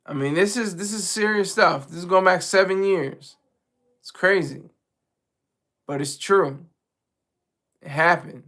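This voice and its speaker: Male streamer host, high and bright, animated casual commentary with lots of restarts. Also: unhurried, long pauses. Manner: animated, repeats and restarts phrases.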